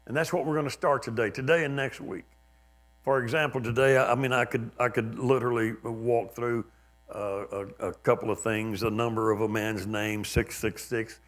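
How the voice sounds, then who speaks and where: A man's voice: medium pitch, steady tone, normal speed. A man in his seventies, a pastor, preaching a sermon in a church in a conversational, self-deprecating way, now and then mimicking others with a raised, emphatic voice. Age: 70s. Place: church sanctuary.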